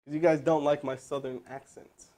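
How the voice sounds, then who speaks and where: A man teaching cold calling on a live stream, energetic and joking as he talks to his chat. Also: on the high side, moderate pace. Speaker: sales trainer. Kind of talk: live teaching session with role-played calls.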